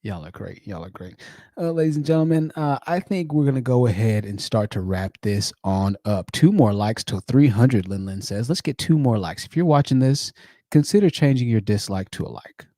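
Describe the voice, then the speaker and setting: A man's voice: mid-range voice, lively intonation, moderate pace, mellow, no echo, clean studio sound. A man hosting a casual livestream, reading viewer comments in a laid-back way and acting out friends' voices. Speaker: livestream host.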